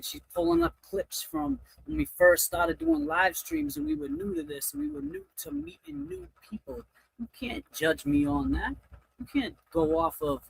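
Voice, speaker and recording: On a casual livestream, a stressed, overwhelmed man reads super chats and animatedly thanks viewers one by one by name. His voice sits high and sounds gravelly and husky, and the audio is poor.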